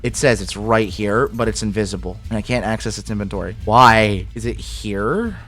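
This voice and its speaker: A man's voice: fairly low pitch, normal speed, fairly bright tone, faint music behind. A young man giving casual, profane gameplay commentary, exasperated and talking to his in-game animals. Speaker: gaming video creator.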